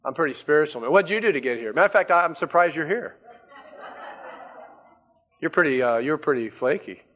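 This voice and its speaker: A man's voice: on the high side, lively intonation, fairly quick, a bit bright, long reverb tail. A preacher voicing a smug, boastful man who brags about his own goodness. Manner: self-satisfied, bragging.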